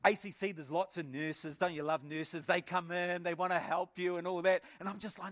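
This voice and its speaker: High-voiced New Zealand pastor giving testimony. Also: male voice, brisk, hardly any pauses. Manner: animated storytelling, acts out scenes, repeats words. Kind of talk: personal testimony sermon.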